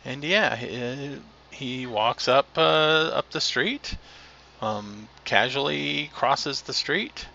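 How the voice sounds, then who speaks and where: A man running a tabletop game as game master, with a gravelly, bright voice. He narrates in halting bursts full of fillers, heard through a dull, lo-fi mic. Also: mid-range voice, animated. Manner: halting, with fillers while describing scenes.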